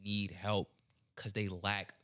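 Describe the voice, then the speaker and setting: A man's voice: lowish voice, little pitch movement, slow pace, pushed and bright. A young man co-hosting a podcast, ranting bluntly and profanely in casual chat. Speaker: podcast co-host.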